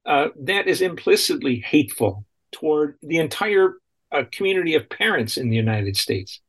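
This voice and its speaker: Husky indignant talk radio host. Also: male voice, fairly high pitch, big pitch swings, normal speed, a bit bright. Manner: indignant, repeats and restarts while speaking. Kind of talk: radio talk show commentary.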